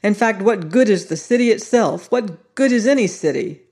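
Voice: medium pitch, animated, moderate pace, darkish tone, voice pushed up. A narrator voicing a resentful, stubborn young man who speaks curtly and directly in an audiobook reading. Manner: curt and direct.

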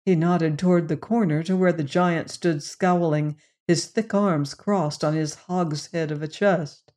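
A narrator reading a short story as an audiobook in a measured, deliberate way. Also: medium pitch, steady tone, darkish tone.

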